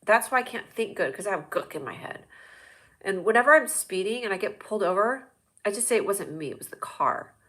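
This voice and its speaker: Host type: bright, sharp-toned woman, casual livestream chatter, scattered and jokey. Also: mid-range voice, animated, fairly quick. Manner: talks straight to viewers.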